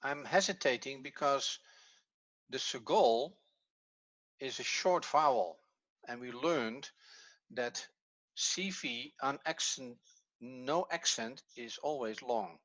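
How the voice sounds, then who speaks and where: Male teacher, clear bright voice, patient and methodical, dull lo-fi recording. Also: medium pitch, takes it slowly, long pauses, no room sound. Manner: patient, step-by-step explaining, thinks aloud. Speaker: Hebrew teacher. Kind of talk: evening class lesson.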